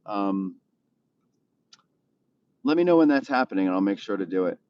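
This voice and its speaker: A man's voice: lowish voice, lively intonation, moderate pace, clear, resonant tone, lo-fi sound. Easygoing man chatting from a car. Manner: easygoing and rambling, talks straight to viewers. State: still has his morning voice. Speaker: live-stream host. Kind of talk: casual live-stream chat while driving, answering viewer comments.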